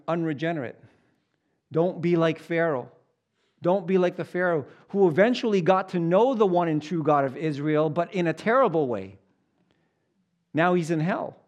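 A man preaching, slowly reading scripture aloud and then explaining it in plain, conversational words. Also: darkish tone. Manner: acts out voices with big pitch jumps. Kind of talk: Bible teaching.

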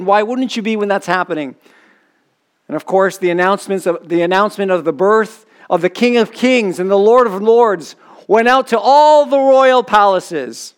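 A man preaching a sermon in a conversational way, often asking the congregation questions. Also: on the high side. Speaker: pastor.

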